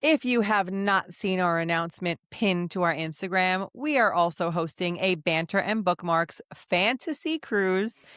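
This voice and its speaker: A woman's voice: lowish voice, unhurried, few pauses, no room sound, clean studio sound. A woman co-hosting a book podcast, wrapping up the episode and promoting upcoming events in an upbeat, casual way. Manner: upbeat, promotional, lively delivery. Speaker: podcast co-host.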